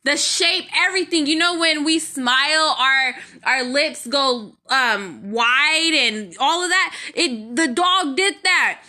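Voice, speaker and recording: A woman's voice: sits high, takes it slowly, few pauses, bright, forceful tone. A young woman telling a casual story to her viewers, chatty and devout, calling them y'all, with her allergies acting up. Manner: chatty, addresses viewers as y'all, prayerful asides. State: allergies, itchy nose. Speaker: vlogger.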